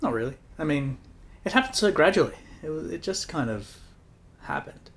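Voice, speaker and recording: A man's voice: a little high, very animated, normal speed, a bit bright. A man as a podcast guest, chatting casually with dry, teasing humour. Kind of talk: casual chat.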